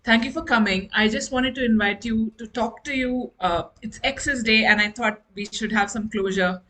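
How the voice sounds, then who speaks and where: A woman's voice: on the high side, moderate pace, bright, forceful tone, rough recording. A woman improv comedian playing a flustered woman seeking closure with her exes, nervous and stammering, over a video call. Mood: apologetic. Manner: nervous, stammering, giggly apologies.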